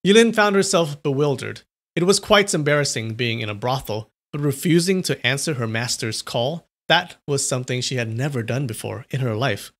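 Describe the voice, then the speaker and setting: A man's voice: medium pitch, lively intonation, moderate pace. A man reading a novel aloud on a live stream, stopping to chat about viewers' comments. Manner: chatty, reacts to viewers' comments.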